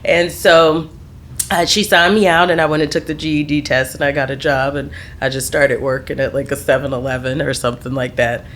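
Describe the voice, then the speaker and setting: Woman, low voice, middle-aged, candid storytelling, laughs readily, interview guest. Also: fairly even intonation, a little fast, fairly bright tone, slight background noise. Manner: laughs readily, trails off and restarts.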